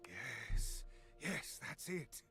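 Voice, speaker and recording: An actor playing a haughty, preachy air fryer priest in a video game, speaking in solemn, contemptuous sermon tones. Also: male voice, medium pitch, sing-song, extremely slow, pushed and bright, faint music behind, exaggerated voice.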